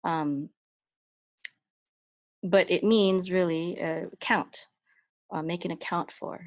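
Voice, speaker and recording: A woman teaching Hebrew letters step by step, patient and explaining with fillers, breaking into high chanting for words. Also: fairly even intonation, slow, dry recording. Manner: chants words in a much higher, louder voice. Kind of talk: step-by-step Hebrew reading lesson. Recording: dry, dull lo-fi sound.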